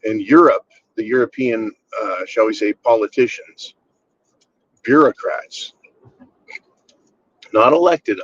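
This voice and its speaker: A man's voice: medium pitch, husky. A man from the United States hosting a blunt, profane and sarcastic commentary rant. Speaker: channel host. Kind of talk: ranting commentary monologue. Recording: slightly dull lo-fi sound.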